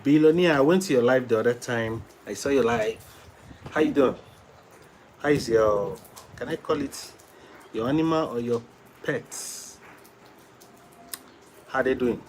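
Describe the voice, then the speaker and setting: A man's voice: medium pitch, measured pace, long pauses, slight background noise, low-quality recording. A man chatting casually on a live stream, playfully coaxing his son and greeting viewers, often repeating himself.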